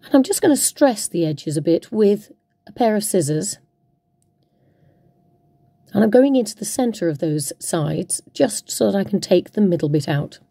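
A playful woman talks through a craft project, half to herself. Her voice is mellow and a little husky. The sound is close and dry. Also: medium pitch, expressive, normal speed, no echo. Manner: chatty, playful, talks to herself while working. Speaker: craft tutorial host. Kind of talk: casual crafting demonstration.

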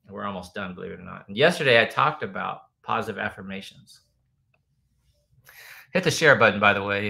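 A man from the United States hosting a casual livestream, reading viewer comments in a loose, rambling way with loud bursts when he demonstrates. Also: fairly low pitch, vocal fry, rough recording. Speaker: host answering viewer comments.

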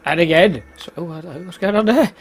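A man's voice: sits high, fairly quick, faint music behind. A man giving casual, self-mocking commentary while playing a video game. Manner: chatty, exclaims at the game, laughs at himself. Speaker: let's play host.

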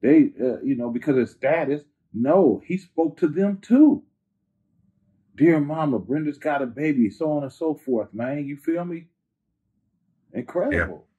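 Man, interview guest, husky, slangy laid-back talk, tinny phone-like sound. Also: on the high side, expressive, measured pace. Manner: laid-back slangy talk, many "you know what I'm saying". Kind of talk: casual interview storytelling. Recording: phone-like narrow band.

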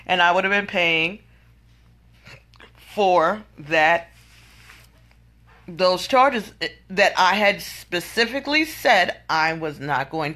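Woman vlogger, venting monologue, exasperated and incredulous, bright forceful tone. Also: medium pitch.

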